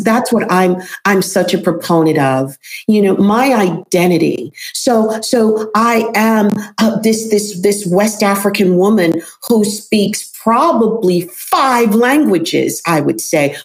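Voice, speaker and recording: A woman's voice: medium pitch, lively intonation, slow. A woman with a New York accent, a voice and accent coach and author, talking passionately as an interview guest and repeating points for emphasis. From New York City. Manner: emphatic, repeats herself for stress.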